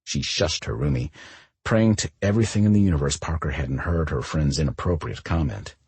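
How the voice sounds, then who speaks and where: A male audiobook narrator with a low, very breathy and husky voice. His reading is expressive, with wide, lively swings in pitch. The recording is close and dry. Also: brisk, no echo.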